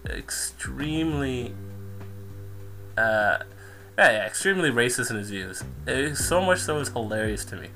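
A young man in casual chat, telling a story in an animated way and laughing often. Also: medium pitch, measured pace, music in the background.

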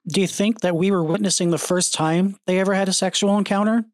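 A woman's voice: medium pitch, fairly even intonation, fast, no echo. A woman co-hosting a podcast in casual film chat, with a dry, teasing manner. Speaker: podcast co-host.

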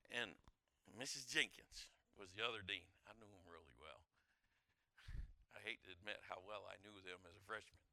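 A middle-aged man preaching a sermon, telling a personal story, swinging from loud storytelling to hushed intensity. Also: mid-range voice, gravelly, dry recording. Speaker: pastor.

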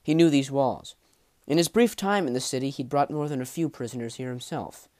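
A man narrating a fantasy audiobook in a measured, dramatic way, dropping low at the ends of phrases. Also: darkish tone. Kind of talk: storybook narration.

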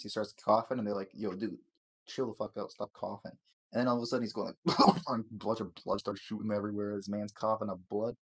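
A man hosting a casual chat, rambling and swearing through a TV episode recap, stumbling over words and laughing. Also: lowish voice.

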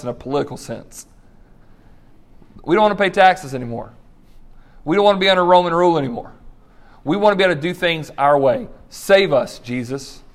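A man's voice: fairly high pitch, fairly bright tone. A man preaching a sermon, telling stories with acted-out voices and brief laughs. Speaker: pastor.

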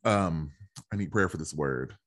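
A man's voice: a bass voice, a little slow, fairly bright tone, dry recording. A man chatting casually with a friend, playful and dramatic, stretching words out for emphasis. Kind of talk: casual chat.

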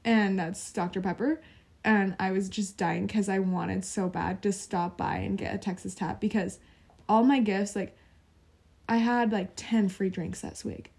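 A woman co-hosting a podcast in casual chat, soft-spoken and giggly, saying "like" often. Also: mid-range voice, fairly even intonation, unhurried, vocal fry, breathy edge. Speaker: podcast co-host.

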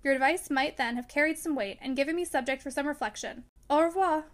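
A touchy, charming young man from a storybook, read aloud by a woman, firing off emphatic questions. The voice sits high. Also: fast talker, close to an everyday voice. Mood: light.

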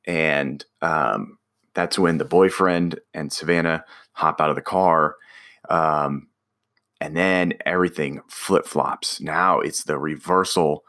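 A man's voice: extremely low pitch, fairly even intonation, slow, fairly bright tone. A man casually telling a personal story about a driving job, rambling with restarts and fillers.

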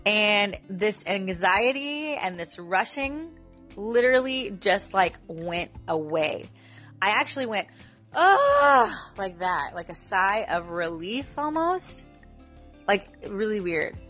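A woman's voice: mid-range voice, animated, takes it slowly, fairly bright tone, faint music behind. A woman in her thirties, a mother, telling a story in a casual, rambling vlog full of fillers. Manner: chatty, rambling, filler-heavy. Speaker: mother and Daisy troop leader.

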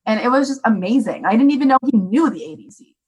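A young woman talking casually as a parent, chatty and animated with many fillers. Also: a little high, quick pace, breathy edge, low-quality recording. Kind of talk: casual chat.

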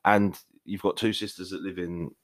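A man's voice: sits low, little pitch movement, moderate pace, fairly bright tone, no room sound, studio quality. A young man co-hosting a podcast, teasing his partner and asking questions in casual banter. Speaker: podcast co-host.

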